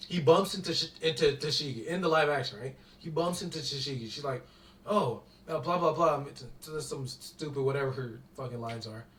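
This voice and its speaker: A man's voice: mid-range voice, fairly quick, few pauses, a bit bright. A young man in heated, profane commentary, talking in slangy, exasperated bursts. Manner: profane, slangy, exasperated rant with constant "bro". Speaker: commentator reviewing a show. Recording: echoey room, voice from a distance.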